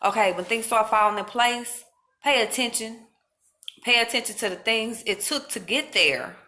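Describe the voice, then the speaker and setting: A woman's voice: fairly high pitch, moderate pace, sharp tone. A woman speaking earnestly and informally to her viewers, giving casual spiritual encouragement. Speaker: faith vlogger.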